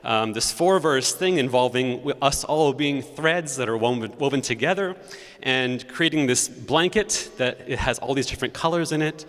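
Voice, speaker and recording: A man's voice: mid-range voice, normal speed, fairly bright tone. A man, the church organist, telling the congregation the story behind a new hymn in a chatty, storytelling way. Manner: chatty, storytelling, sings note syllables to demonstrate. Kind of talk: spoken introduction to a hymn at a concert. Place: large church sanctuary. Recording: long church reverb.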